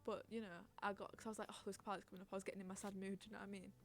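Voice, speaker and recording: A woman's voice: medium pitch, level tone, very fast. A young woman hosting a casual chat podcast on stream, rambling, giggling and reading out chat messages.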